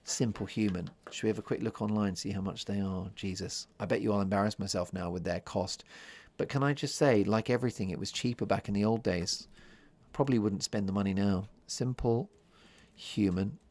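A man hosting his own podcast in a calm, chatty monologue, keeping his voice soft and easy for listeners drifting off to sleep. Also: lowish voice, a little fast. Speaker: podcast host.

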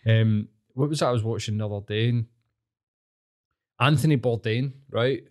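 A man in his thirties with a Glasgow accent, co-hosting a podcast in casual chat, animated and swearing constantly. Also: mid-range voice, normal speed. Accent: Scottish, Glasgow. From Scotland. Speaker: podcast co-host.

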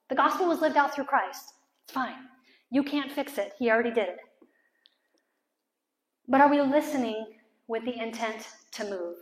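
A middle-aged woman preaching a sermon to a live audience in a large room. She talks with passion, climbs to near-shouting peaks, drops to a soft prayer voice, and acts out quotes and jokes with the crowd. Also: a little high. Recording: echoey room.

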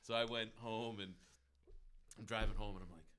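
A man's voice: fairly low pitch, steady tone, moderate pace, a bit bright, clear, resonant tone. A man with a New England accent hosting a casual podcast, laid-back, often laughing, and acting out the voices in his stories. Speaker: podcast host.

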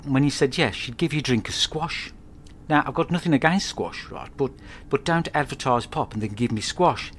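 At home, a podcast host rambles through a comic monologue, cursing freely while staying deadpan. His voice sits at an ordinary middle pitch, with faint ambient noise in the background.

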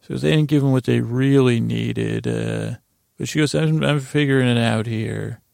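Gravelly-voiced man rambling through a recap. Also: medium pitch, fairly even intonation, moderate pace, darkish tone, no room sound, clean studio sound. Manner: rambling, conversational, often restarting and retelling scenes. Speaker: podcast host. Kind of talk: casual episode recap.

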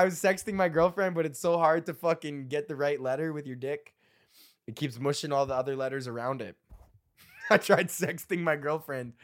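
A man's voice: on the high side, moderate pace. A man in his thirties hosting a solo comedy podcast, reading out old jokes, rambling and swearing, laughing at his own material.

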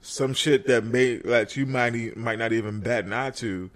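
A man's voice: medium pitch, normal speed. A man in casual chat as a podcast co-host, laid-back and slangy, filling his talk with "like" and "you know.".

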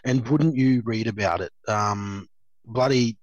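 In a relaxed interview, an Australian man in his thirties, once a rugby league player, spins rambling anecdotes, chatting away, laughing a lot and filling gaps with "you know" and "um." His mid-range voice is unhurried and a little mellow. The recording is muffled, with no echo.

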